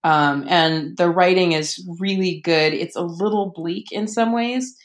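A woman's voice: fairly low pitch, a little slow. A woman author in a casual interview, chatting enthusiastically with frequent ums and restarts. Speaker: author and podcast guest.

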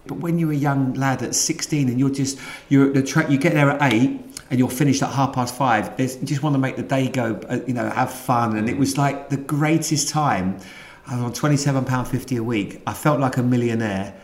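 A middle-aged man with a London accent, a guest telling rambling, animated stories in a casual interview. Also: medium pitch, a little fast, reverberant. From England. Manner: rambling, animated anecdotes with many restarts. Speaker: guest, former footballer.

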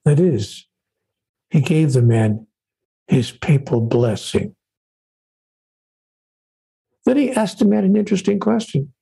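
An older man speaks in a measured, preacherly cadence, sinking low and soft when he quotes someone. His voice is gravelly and husky, with a very dark, mellow tone. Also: lively intonation. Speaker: author and spiritual teacher. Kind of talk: interview, storytelling.

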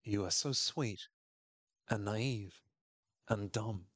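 A man reading out the lines of a bitter, disillusioned teenage girl in his own low voice, in a flat, dramatic way. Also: slow pace, no echo.

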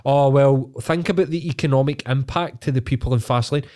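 A man's voice: medium pitch, brisk, dark tone. A man with a Glaswegian Scottish accent, co-hosting a podcast in casual chat, ranting heatedly and swearing a lot. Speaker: podcast co-host.

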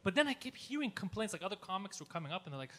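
A man telling a story on a podcast in a casual, animated way, swearing a lot and acting out his own yelling. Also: high voice, very fast. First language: Greek. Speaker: podcast co-host.

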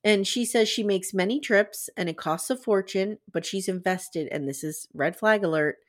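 A woman's voice: medium pitch, moderate pace. A woman hosting a podcast, recapping a reality show in casual chat and acting out quotes in a jokey way. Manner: animated, jokey, acts out quotes in a bad British accent.

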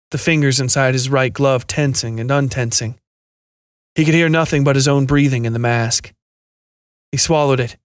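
A man narrating a scripted science fiction horror story in a steady, measured reading. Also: medium pitch, no room sound, clean studio sound.

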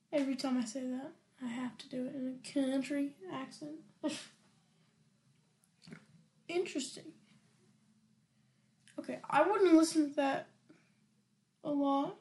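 A woman hosts a casual music podcast, her voice pitched high above most women's. She talks at an unhurried, slow pace. She giggles often and lets her sentences trail off. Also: warm tone. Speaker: podcast host. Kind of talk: casual music reaction chat.

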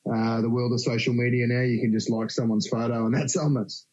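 Australian male guest, lowish monotone, dry and slightly muffled, easygoing and rambling. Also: fairly quick. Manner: rambling, easygoing, laughs often. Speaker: podcast guest. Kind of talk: casual interview chat. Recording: slightly dull lo-fi sound.

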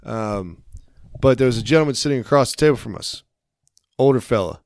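A man's voice: mid-range voice, animated, brisk, darkish tone, dry recording, studio quality. A man co-hosting a casual podcast, telling rambling stories and swearing freely. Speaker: podcast co-host. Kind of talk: casual chat.

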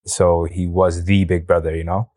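A man with a low voice tells his story casually, acting out dialogue with plenty of fillers. He sounds set back from the mic in an echoey room. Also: little pitch movement, moderate pace, darkish tone. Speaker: interview guest telling his story. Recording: roomy, distant mic.

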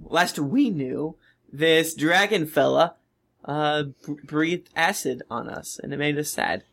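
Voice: medium pitch, slow, a bit bright. Casual rambling player giving the recap, lots of fillers. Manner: rambling, laughing, full of fillers. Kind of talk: casual chat.

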